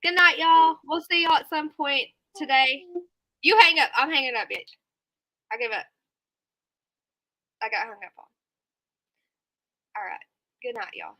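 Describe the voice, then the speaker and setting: A bright, high-voiced woman with a drawl chats late at night on a live stream from her home. She reads viewer comments aloud and breaks into giggles and snorting laughs. The sound is dry and close. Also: no room sound, low-quality recording.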